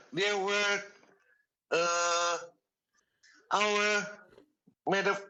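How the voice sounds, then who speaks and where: A Jamaican man who is a guest on a podcast, telling stories in a slow, halting way. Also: sits high, level tone, pushed and bright. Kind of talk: casual chat.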